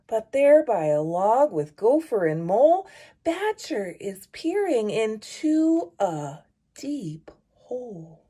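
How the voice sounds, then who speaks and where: A woman reading a picture book aloud for story time, in a slow, expressive storytelling manner. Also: on the high side, breathy edge. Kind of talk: children's read-aloud.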